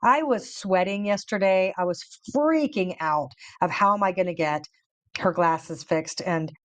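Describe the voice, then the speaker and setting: A woman host telling a story in a casual, excited way, laughing often and repeating words as she goes. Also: lowish voice, unhurried, no echo. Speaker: show host.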